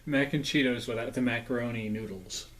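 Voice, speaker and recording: A man's voice: mid-range voice, steady tone, brisk, poor audio. This is a man with an ordinary mid-range voice, talking casually to his viewers as he reviews junk food. He rambles, corrects himself, and sometimes speaks through a mouthful of food. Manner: rambling, chatty, talks with mouth full.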